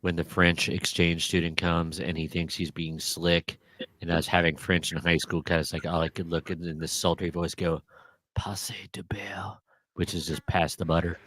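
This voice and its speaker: A man's voice: low-pitched, level tone, moderate pace, fairly bright tone, dry recording. A man co-hosting a casual live podcast, talking in a joking, offhand way.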